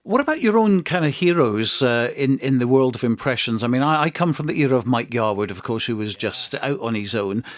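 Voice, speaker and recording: A man's voice: medium pitch, animated, fairly quick, few pauses. Genial male radio host. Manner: genial, conversational. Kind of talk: radio interview and links.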